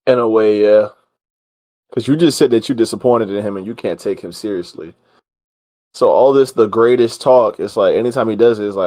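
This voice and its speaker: A man co-hosting a casual podcast, giving his view in a measured, thinking-aloud way. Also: fairly low pitch, darkish tone. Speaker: podcast co-host.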